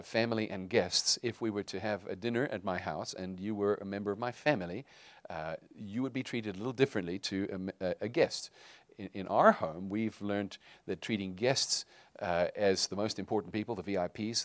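Middle-aged male pastor, sermon delivery, conversational and halting, low voice, dry recording. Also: no room sound. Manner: conversational, with frequent fillers and restarts.

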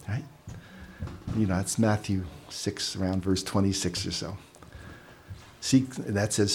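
A man's voice: low-pitched, flat delivery, normal speed, gravelly, a little mellow, a little hiss or hum. A man giving a casual, conversational sermon, telling stories with asides and repeating words as he goes. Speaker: preacher.

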